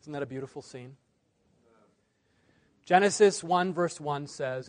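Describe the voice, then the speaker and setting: A man's fairly high-pitched voice giving a sermon presentation to a congregation. He leans hard on key words and then lets the ends of phrases fall quiet. He sounds like a man in his forties from the United States. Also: a little slow. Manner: varies loudness widely, drops low at phrase ends. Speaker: preacher.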